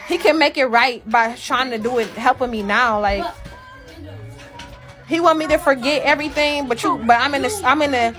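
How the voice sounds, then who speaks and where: A woman's voice: sits high, normal speed, over music. A woman venting emotionally to her live-stream audience, emphatic and profane, circling back over the same points. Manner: emphatic, profane, repeats herself.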